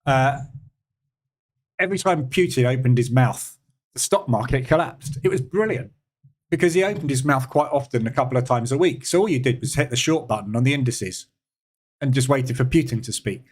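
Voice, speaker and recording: A man's voice: medium pitch, expressive, normal speed. Give me a sarcastic British man casually hosting a live stream and replying to viewers. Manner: sarcastic, chatty, reads and answers viewer comments. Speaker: trading room host.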